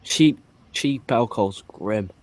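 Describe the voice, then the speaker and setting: A man's voice: lowish voice, slow pace, darkish tone. A British man co-hosting a casual chat, who makes brief reactions and wry remarks. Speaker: podcast co-host.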